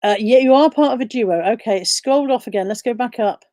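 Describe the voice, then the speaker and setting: A woman's voice: a little high, fast, warm tone, dry recording, clean studio sound. Chatty woman reading viewer questions. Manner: reads viewer questions aloud and answers them. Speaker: live stream host. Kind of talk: casual live-stream chat.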